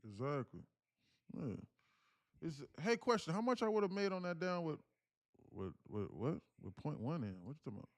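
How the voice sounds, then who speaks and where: A man's voice: a little high, sing-song, normal speed. Male streamer host, casual slangy delivery, loops back on phrases, insistent coach energy. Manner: slangy, repeats himself, keeps calling out "guys, listen". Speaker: day-trading livestream host. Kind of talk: casual live-stream talk to viewers.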